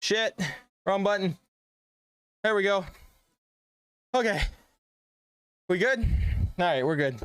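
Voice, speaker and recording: A man's voice: high-pitched, animated, slow pace, long pauses, a bit bright, clear, resonant tone, dry recording. A man streaming a video game, out of breath and chatting with his viewers in a loose, casual way as he plays. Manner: chatty, talks to chat between gameplay. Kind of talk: casual livestream chat while gaming.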